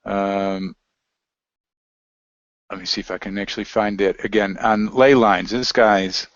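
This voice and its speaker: A man's voice: fairly low pitch, flat delivery, unhurried. A man chats loosely as an interview guest, drifting between thoughts and reading passages aloud from web pages. The audio sounds muffled and lo-fi, with no room echo. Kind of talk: casual conversational interview. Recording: dry, dull lo-fi audio.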